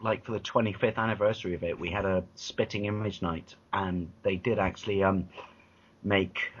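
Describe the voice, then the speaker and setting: An English man co-hosting a casual podcast chat, telling rambling animated stories with lots of restarts and swearing. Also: deep voice, normal speed, breathy edge. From England. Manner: rambling, animated storytelling with many restarts and profanity. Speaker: podcast co-host. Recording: dull lo-fi podcast audio.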